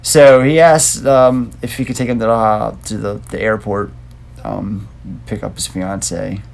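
A man's voice: fairly low pitch, steady tone, a little slow, creaky, darkish tone. A man co-hosting a casual movie review podcast, talking in a loose, rambling, laid-back way. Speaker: podcast co-host.

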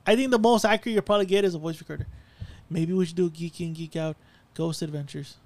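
A man's voice: on the high side, quick pace, a little mellow. A man co-hosting a podcast, telling a ghost story in casual chat, rambling and profane with many restarts. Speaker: podcast co-host.

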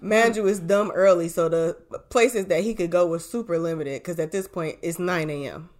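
A woman co-hosting a casual vlog with her husband, chiming in with quick, teasing remarks. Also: on the low side, darkish tone. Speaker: co-host, wife.

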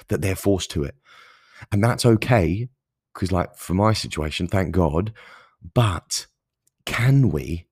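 A man's voice: low-pitched, a little mellow, husky, no room sound, studio quality. A man hosting his own podcast, talking earnestly and passionately in a solo monologue, with emphatic stresses and frequent restarts. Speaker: podcast host.

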